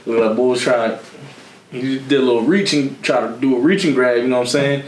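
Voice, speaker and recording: A man's voice: medium pitch, fairly even intonation, a little fast, slight background noise. A young man telling a story in casual chat, slangy and laughing often, acting out what others said. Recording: echoey room.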